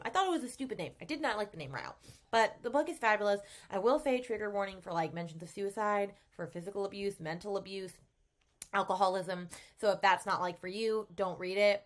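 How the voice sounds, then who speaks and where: Woman booktuber rambling about her reads, says like a lot, gets loud and excited. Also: medium pitch. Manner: chatty, gushing, lots of "like" fillers, animated outbursts. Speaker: book vlogger. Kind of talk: casual book review chat.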